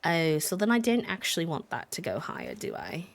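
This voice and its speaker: A woman's voice: on the low side, very animated, fairly quick. Bubbly young woman streamer. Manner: bubbly, thanks viewers, drops to soft whispers at times. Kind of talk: casual live-stream chat while gaming.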